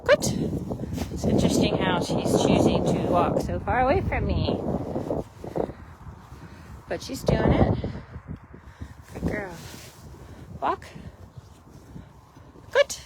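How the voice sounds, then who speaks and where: A mid-pitched woman working with horses in a paddock. She coos soft encouragement to them and explains her training to the camera. Heavy outdoor noise runs under her voice throughout. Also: sing-song, takes it slowly, long pauses. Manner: soft coaxing baby talk to animals, mixed with explanation to viewers. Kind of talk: casual vlog while training horses.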